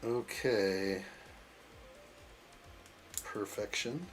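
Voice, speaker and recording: A lowish male voice speaks very slowly over soft background music. The man hosts a live model-kit build, chatting easily and poking fun at viewers as he reads their comments aloud.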